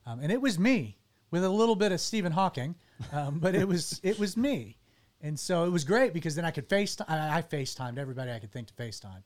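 A man telling a personal story to his interviewers in an earnest, halting way, often restarting his sentences. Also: a little high, animated.

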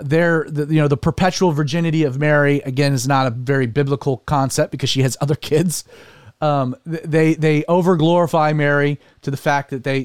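A man hosting a casual religious discussion show, talking in an animated way with many fillers and restarts. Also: on the high side, no echo, studio quality. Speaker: podcast host.

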